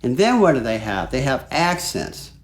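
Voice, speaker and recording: A man teaching flute in a relaxed, chatty way, walking through a piece and singing phrases aloud. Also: mid-range voice, moderate pace, a little hiss or hum. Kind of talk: music lesson. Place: home studio.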